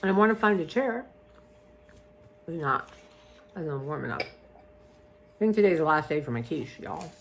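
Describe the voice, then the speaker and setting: A woman's voice: deep voice, expressive, moderate pace, vocal fry, long pauses, slight background noise. A woman, vlogging in a rambling casual chat that trails off and restarts often.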